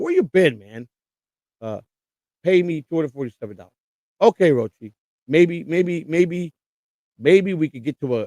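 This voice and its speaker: A man's voice: a little high, warm tone, no echo. A man hosting a live stream, reading viewers' comments aloud and answering them in a rambling, blunt way, with some swearing. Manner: blunt street-tough talk with swearing. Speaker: livestream host. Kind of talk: casual live chat reading.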